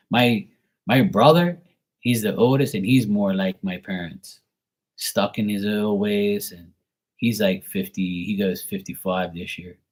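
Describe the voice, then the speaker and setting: A middle-aged man hosting a tarot livestream, chatting casually in a rambling, blunt and profane way that rises into animated rants. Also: fairly low pitch, low-quality recording. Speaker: tarot reader host.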